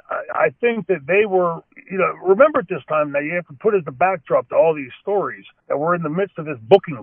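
A man's voice: a little high, no echo. A man telling long wrestling stories in an interview, full of restarts and "you know.". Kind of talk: storytelling interview answers. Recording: dry, tinny phone-like line.

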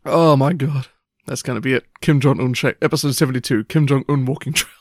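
A podcast co-host in casual chat, joking around, swearing often and laughing loudly. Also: medium pitch, steady tone, fairly quick, dry recording, studio quality.

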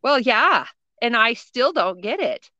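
Woman, middle-aged, podcast co-host, casual storytelling, bright tone, dry close sound. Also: on the high side, measured pace, no echo, dull audio. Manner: animated storyteller, laughs often.

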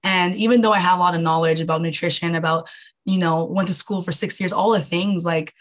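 A woman's voice: on the low side, steady tone, fairly quick. A young woman hosting a live online masterclass as a wellness coach, bubbly and scattered, laughing often and swearing casually. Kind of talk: casual live-stream chat.

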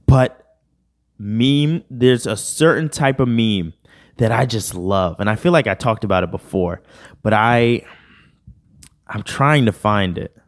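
A man's voice: on the low side, lively intonation, slow pace, long pauses. A man hosting a podcast in a casual, rambling, slangy chat. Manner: rambling, laid-back, slangy. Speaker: podcast host.

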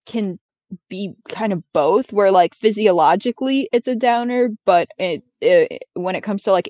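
A woman's voice: medium pitch, a little mellow, no room sound, highs cut off. Rambling woman at a game table. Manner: rambling, swears casually. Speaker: player. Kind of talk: casual tabletop game chat.

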